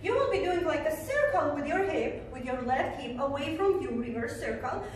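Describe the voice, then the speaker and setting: A woman's voice: high voice, animated, moderate pace. A woman teaching a belly dance class online, counting steps aloud and singing rhythm syllables, recorded by a camera mic at a distance in a dance room. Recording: echoey room, voice from far off, faint noise.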